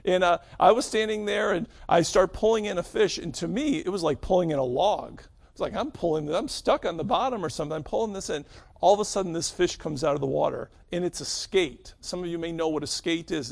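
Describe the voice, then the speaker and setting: High-voiced conversational preacher. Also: male voice, a little fast, creaky. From northeastern Pennsylvania. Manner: conversational preaching with rhetorical questions and emphatic stresses. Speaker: pastor. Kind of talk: sermon.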